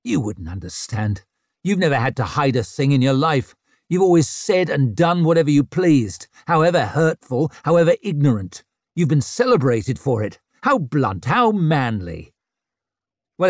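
A man's voice: fairly low pitch, wildly swooping pitch, a little slow, gravelly, warm tone, breathy edge, no room sound, clean studio sound, heavily acted. A man voicing Durand, a resentful former friend who snarls cutting accusations. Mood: snarling bitter. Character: bitter, angry wounded former friend, man.

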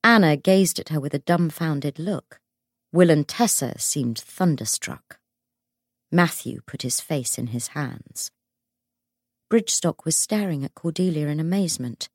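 A woman reading an audiobook in measured, dramatic scripted narration. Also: low voice, lively intonation, dry recording, clean studio sound.

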